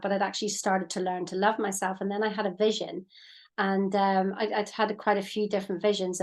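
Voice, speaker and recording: Woman in her 50s co-hosting a chat over a call, thoughtful, stops and restarts, mid voice. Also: mid-range voice. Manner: reflective, hesitant, with fillers and restarts. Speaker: co-host, mindset coach. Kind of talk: casual chat. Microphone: video call.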